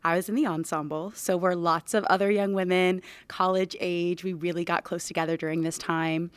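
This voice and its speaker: A young actress tells a casual, lively anecdote, laughing often as she goes. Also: on the low side, normal speed, clean tone, dry recording. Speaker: actor.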